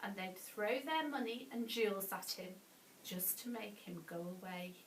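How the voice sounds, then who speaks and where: A woman reading a bedtime story to children, animated, with gasps and playful asides. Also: medium pitch, normal speed, distant mic, noisy background. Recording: echoey room, voice off-mic.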